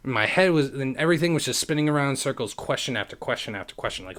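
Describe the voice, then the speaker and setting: Smooth-voiced man telling a personal story. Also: medium pitch, lively intonation, quick pace, a bit bright. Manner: earnest, rambling, addresses listeners directly. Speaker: podcast host.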